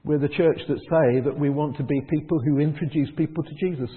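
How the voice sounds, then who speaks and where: A man preaching a conversational sermon in church, lively and chuckling, dropping to soft prayerful tones. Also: on the high side, fairly quick, in a large hall, narrow, tinny audio.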